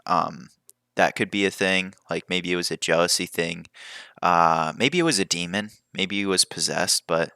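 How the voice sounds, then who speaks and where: Deep, bright-toned chatty man. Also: normal speed, gravelly, smooth, dry recording, studio quality. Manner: chatty, drifts into tangents. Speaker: podcast host. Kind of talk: casual rambling monologue.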